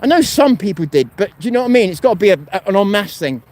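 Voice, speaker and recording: High-voiced man chatting on the street. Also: very animated, very fast. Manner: rambling, blunt, swears freely. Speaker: host. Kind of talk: casual live-stream chat while walking. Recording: street noise and traffic behind.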